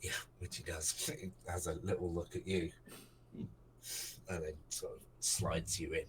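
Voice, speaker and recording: A man's voice: low-pitched, flat delivery, a little slow, background noise. A man running a tabletop game as game master, narrating casually with many ums and restarts into a desk microphone.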